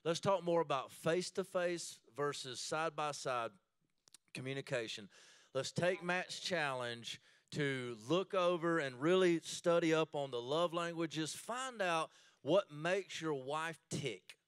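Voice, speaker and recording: A man leading a church marriage class, animated and joking, laughing often as he talks. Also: fairly high pitch, unhurried, smooth, no room sound, studio quality.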